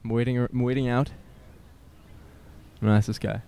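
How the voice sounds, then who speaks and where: A man's voice: mid-range voice, flat delivery, brisk, warm tone, clean tone. Hesitant young man rambling outdoors. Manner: hesitant and self-conscious, with nervous laughs and many fillers. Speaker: vlogger. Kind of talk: rambling solo vlog. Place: outdoors in a city park.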